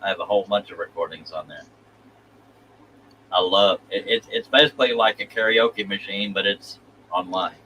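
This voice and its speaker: Bright-voiced chatty stream host. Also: male voice, deep voice, moderate pace, a little hiss or hum, rough recording. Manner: rambling, reads chat comments aloud. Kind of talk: casual live stream chat.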